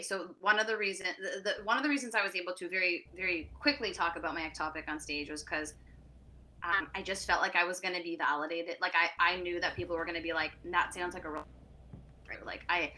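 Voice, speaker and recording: A woman comedian talking casually, rambling and cutting herself off with quick laughs. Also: on the low side, pushed and bright, a little hiss or hum. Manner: rambling, self-interrupting, laughing asides. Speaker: comedian guest. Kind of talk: casual podcast chat.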